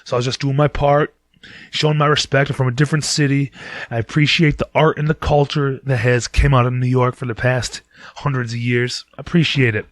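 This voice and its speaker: A man's voice: mid-range voice, little pitch movement, brisk, no room sound. A man from Detroit, a podcast host who tells a story in a casual, rambling, profane way. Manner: profane, rambling, laid-back.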